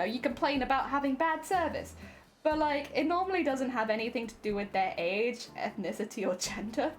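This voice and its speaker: A young adult woman chatting casually during a crafting stream, laughing often and repeating words as she talks. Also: a little high. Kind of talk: casual chat while crafting.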